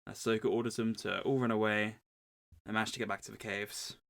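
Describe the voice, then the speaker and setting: A man co-hosting a podcast, recapping a book in a wry, deadpan way. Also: on the low side, a little fast, vocal fry. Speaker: podcast co-host.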